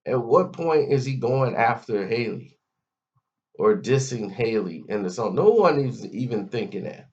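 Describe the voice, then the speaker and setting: A commentary vlogger rants in a mocking, scolding tone, addressing the person he criticizes directly. His medium-pitched, darkish voice has lively intonation and an unhurried pace, and the audio is dull and lo-fi.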